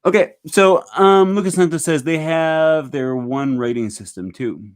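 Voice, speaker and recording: A man hosting a casual livestream at home, reading viewer comments aloud and chatting about them, with many fillers and a relaxed, meandering way of talking. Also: a little high, unhurried, clean tone. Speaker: livestream host.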